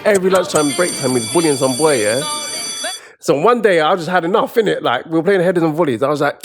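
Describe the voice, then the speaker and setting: A man's voice: fairly high pitch, fast, faint music behind. A man, a podcast co-host telling a comic school-fight story and acting out voices. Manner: lively, acts out voices and sounds.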